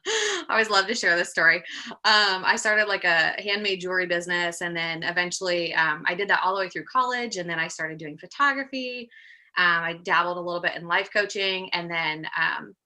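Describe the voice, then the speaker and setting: With a lowish voice at normal speed and a bright, forceful tone, this thirty-something project manager presents casually as a guest on a video call. She's a bit breathless, chatty and upbeat, says um often, and is picked up by a computer mic.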